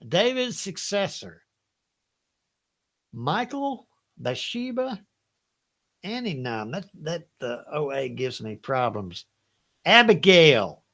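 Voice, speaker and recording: Older Southern man, lively, bright trivia host. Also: fairly high pitch, slow pace, vocal fry, long pauses. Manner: chatty, folksy, laughs often, reads each question twice. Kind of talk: hosting a live Bible trivia game.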